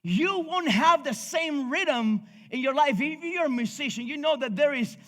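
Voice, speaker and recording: Spanish-accented male pastor, fervent rhythmic preaching, bright tone, long church reverb. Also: very high-pitched, lively intonation, normal speed. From Cuba. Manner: passionate, rhythmic preaching with frequent restarts and laughter. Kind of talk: sermon. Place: church sanctuary.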